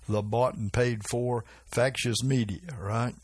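A man with a husky, breathy voice preaches informally and recounts dreams. He speaks very slowly with a drawl and chuckles often. His voice is recorded close and dry, with no room sound. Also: mid-range voice, steady tone, a little mellow, dry recording. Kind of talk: informal religious teaching.

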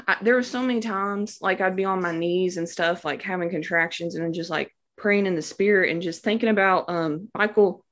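A young woman with a somewhat low voice tells her story casually and warmly devout. She talks in a loose, chatty way, full of fillers and words of praise. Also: moderate pace. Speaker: new mother sharing a birth story. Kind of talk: casual personal testimony.

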